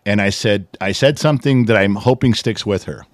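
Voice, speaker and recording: A middle-aged man co-hosting a casual podcast, telling a family story with lively, animated delivery and acting out what others said. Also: fairly low pitch, a little fast, no room sound. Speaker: podcast co-host. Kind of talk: casual chat.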